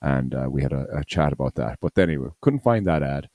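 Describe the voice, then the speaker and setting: A man's voice: extremely low pitch, animated, a little fast, a little mellow, no echo. A man from Ireland co-hosting a podcast, chatting casually in a rambling way and laughing often. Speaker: podcast co-host. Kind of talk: casual chat.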